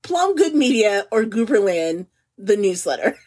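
A woman in her forties chats on a podcast with a slightly husky, breathy tone. Her pitch swings widely as she jokes. She laughs easily and speaks with no regional accent. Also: a little slow. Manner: animated and giggly, laughs often. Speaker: podcast co-host. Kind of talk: casual chat.

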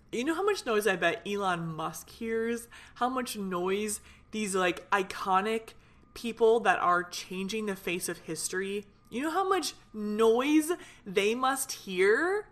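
A young woman talks alone into her podcast mic, worked up and chatty. She rambles through fillers and restarts. Her voice sits at a middle pitch. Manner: fired up, animated, rambling with many fillers. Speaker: podcast host. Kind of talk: casual solo podcast venting.

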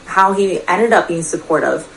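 A woman's voice: lowish voice, moderate pace, gravelly, a bit bright, a little hiss or hum, rough recording. A woman coach giving a motivational talk straight to her listeners, earnest and confiding, often asking them questions. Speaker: personal development coach. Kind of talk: motivational direct-to-camera talk.

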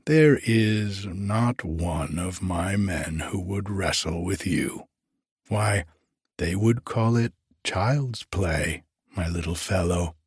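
A man voicing a scornful giant king who taunts his guest, slipping into a hush at times. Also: deep voice, takes it slowly, breathy edge, no echo, studio quality, heavily acted. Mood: taunting. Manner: gloating, taunting, often hushed to a whisper.

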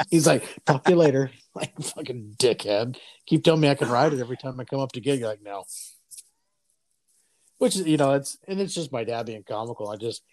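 A man's voice: medium pitch, animated, normal speed, a little mellow, no echo. A man in his forties hosting a casual chat, telling stories in a loose, profane way and acting out the voices of people he quotes. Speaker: podcast host.

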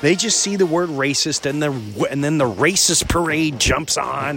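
A man hosting a podcast, telling stories in a casual, animated way while outdoors by the woods at night. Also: moderate pace, creaky, few pauses, over music. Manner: animated storyteller, pitch jumps up when exasperated. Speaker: podcast host. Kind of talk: casual solo monologue.

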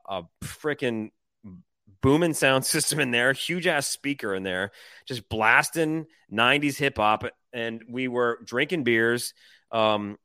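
A man from Detroit, podcast co-host, telling an excited, rambling story in casual chat with lots of fillers. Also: medium pitch, smooth, dry recording.

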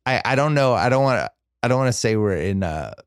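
This podcast host has a clear, resonant mid-range voice, animated and quick, recorded cleanly in the studio without echo. He chats about football casually and wryly, rambling and repeatedly restarting his sentences.

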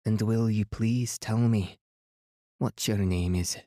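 A dignified old Highland woman with a rich, powerful voice speaks firmly and regally, put on by a male reader. The voice sits low and mellow, in a dry, close sound. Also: steady tone, takes it slowly, no room sound. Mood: stately. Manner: firm, stately, regal.

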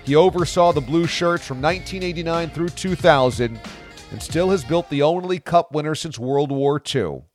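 Male sports-podcast host, a bit high-pitched, punchy and dramatic on the scripted open. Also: normal speed, faint music behind. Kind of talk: scripted narration and interview.

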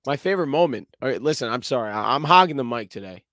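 A man co-hosting a sports podcast in casual chat, animated and boisterous, swearing and acting out plays with sound effects. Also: medium pitch, fast talker, no room sound. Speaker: podcast co-host.

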